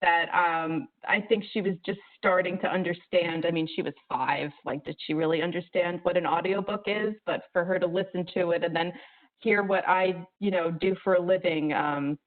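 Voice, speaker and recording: A middle-aged woman tells a family anecdote, chatty and full of fillers. Her voice sits somewhat low. The audio is narrow like a phone call. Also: moderate pace. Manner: warm, chatty, many fillers. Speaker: audiobook producer. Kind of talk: casual storytelling on a video call.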